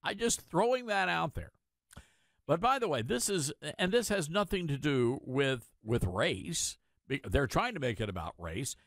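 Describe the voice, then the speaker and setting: A man holds forth on a talk radio show with pointed sarcasm and rhetorical questions. His pitch sits fairly high and swings widely as he drives his points home. The sound is dry and close, as in a studio. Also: animated, measured pace, a bit bright, no echo. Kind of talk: opinion talk radio monologue.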